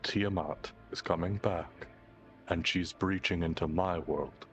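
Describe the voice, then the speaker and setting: A man playing his character in a tabletop game, calm and matter-of-fact. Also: sits low, unhurried, faint music behind. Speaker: player. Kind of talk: in-character tabletop role-play.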